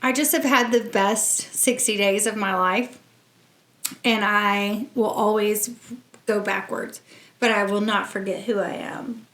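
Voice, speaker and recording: A woman from New Jersey hosting a podcast in casual chat, sassy and quick, laughing often and a little tipsy from tequila shots. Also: medium pitch, fairly even intonation, fairly bright tone, slight background noise. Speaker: podcast host.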